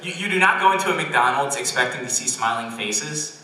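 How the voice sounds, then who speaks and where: Young man, awkward self-deprecating stand-up, bright tone, roomy distant sound. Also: medium pitch, lively intonation, fairly quick, a little hiss or hum. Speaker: stand-up comedian. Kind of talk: stand-up comedy set. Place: college comedy club stage. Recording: roomy distant club recording. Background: audience laughter.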